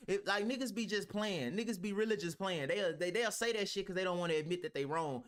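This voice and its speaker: Guy with a high voice ranting on a reaction stream, swears a lot, argues hard. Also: a little fast, few pauses, fairly bright tone. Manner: heated, argumentative, heavy profanity.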